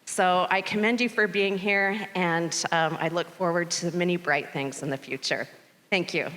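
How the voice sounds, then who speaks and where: A middle-aged woman giving a welcome speech at a conference, telling a story in a chatty, animated way. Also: lowish voice, normal speed. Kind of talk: conference keynote remarks. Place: large conference venue stage. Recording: long reverb of a large conference hall.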